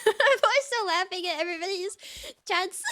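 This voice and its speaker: A woman's voice: very high-pitched, expressive, moderate pace, bright, forceful tone. A woman streamer chatting casually with her viewers, giggling a lot and apologizing often. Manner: giggly, keeps laughing and apologizing. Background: faint game music.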